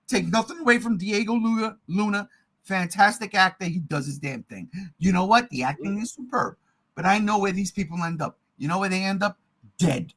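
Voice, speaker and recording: A middle-aged man co-hosting a casual podcast, ranting in a heated, profane way and often shouting. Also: high-pitched, brisk, slightly rough, poor audio. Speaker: podcast co-host.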